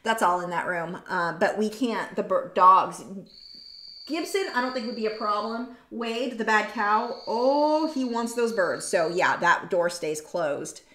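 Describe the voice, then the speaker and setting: A woman's voice: mid-range voice, expressive, a little slow, a bit bright. A woman hosting an art livestream, chatting casually and rambling as she reads viewer comments aloud. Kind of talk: casual chat while drawing. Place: home art studio. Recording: echoey room.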